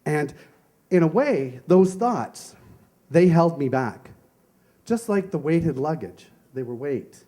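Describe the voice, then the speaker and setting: A man's voice: on the high side, lively intonation, slow, mellow. A man giving a conversational sermon as a minister, telling personal stories and asking rhetorical questions. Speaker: minister giving a Sunday talk.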